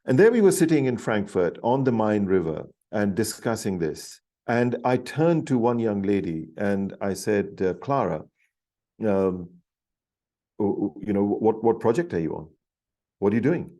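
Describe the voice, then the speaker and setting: A middle-aged man speaks as a podcast guest, telling a story with eager, animated energy. His voice sits on the low side and sounds warm and mellow. He trips over his words and restarts often, pushing ahead in his excitement. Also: a little slow. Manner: animated, enthusiastic, many restarts. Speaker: podcast guest, leadership author. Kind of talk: storytelling in an interview.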